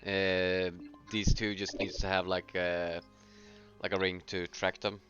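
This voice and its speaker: A man's voice: deep voice, little pitch movement, unhurried, a bit bright, faint music behind. A man voicing a self-assured adventurer who talks in an offhand, laid-back way, a little away from the mic on a muffled recording. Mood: smug.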